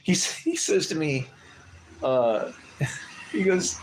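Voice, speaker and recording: A middle-aged man telling a personal story casually on a livestream, animated, acting out the other people's voices. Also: on the high side, slow pace, slight background noise. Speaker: livestream host.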